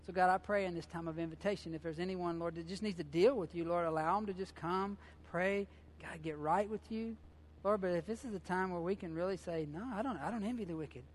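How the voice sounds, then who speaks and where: Speaking briskly, a high-voiced male pastor preaches an impassioned yet homey sermon, addressing his congregation as he would a friend. He keeps repeating phrases and slips into informal grammar, with a slight hiss underneath.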